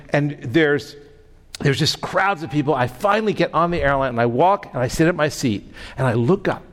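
A man preaching as a pastor, telling a story in a lively way and often tripping over and repeating his words. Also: a little high. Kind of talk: storytelling sermon. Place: church sanctuary. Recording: long reverb of a large hall.

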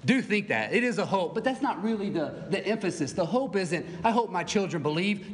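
Animated preaching man in a reverberant hall. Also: high-pitched, a little fast, few pauses. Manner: animated preaching with asides and laughs. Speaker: pastor. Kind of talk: sermon. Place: church sanctuary.

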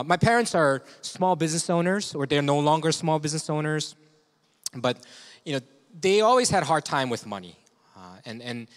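A man's voice: mid-range voice, a bit bright. A man preaching as a pastor in a candid, conversational sermon, confessional and chuckling often. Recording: long reverb of a large hall.

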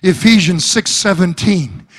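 A man's voice: sits high, lively intonation, a little slow, fairly bright tone, slightly rough, in a large hall. A male preacher delivering a fervent, rhythmic sermon in church.

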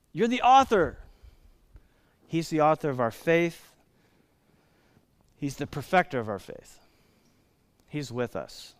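Clear-voiced man preaching a sermon. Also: fairly high pitch, no echo. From Indiana. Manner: emphatic, slows down to stress key words. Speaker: pastor.

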